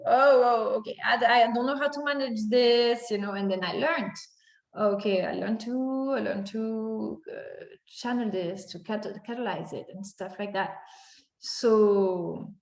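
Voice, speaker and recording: A woman in her thirties telling a personal story in a monologue, acting out her own reactions with many fillers. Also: mid-range voice. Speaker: spiritual content creator. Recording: echoey room.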